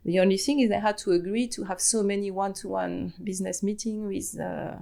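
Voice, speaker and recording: A woman in her forties with a French accent, a guest telling stories in a casual interview, animated and quick to laugh. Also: mid-range voice, gravelly. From France. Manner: animated storytelling with frequent laughs and fillers. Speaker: podcast guest.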